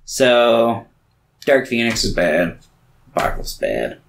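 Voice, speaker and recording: This male co-host is very animated yet unhurried, his medium-pitched voice creaky as he rambles on a casual podcast, swearing freely and filling gaps with filler words.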